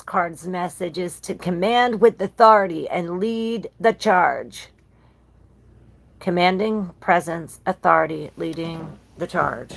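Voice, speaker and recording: A woman's voice: lowish voice, slow, creaky. A woman giving a live-streamed tarot reading, rambling and chatting with viewers between cards. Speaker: tarot reader.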